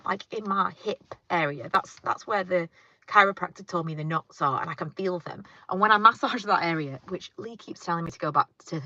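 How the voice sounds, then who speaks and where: A woman's voice: fairly low pitch, a little fast, pushed and bright, muffled recording. A woman chatting casually in her car, reading viewer comments and rambling with lots of fillers. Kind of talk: casual car chat live stream. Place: inside a parked car.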